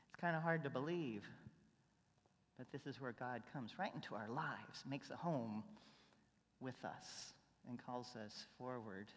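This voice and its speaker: A pastor giving a sermon in a conversational storytelling way, going from hushed asides to emphatic lines. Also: medium pitch. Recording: long reverb of a church hall.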